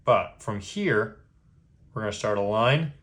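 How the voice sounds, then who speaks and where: A man's voice: lowish voice, animated, unhurried, fairly bright tone. Patient man teaching drawing step by step. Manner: patient, checks in with "okay?" after each step. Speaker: drawing instructor.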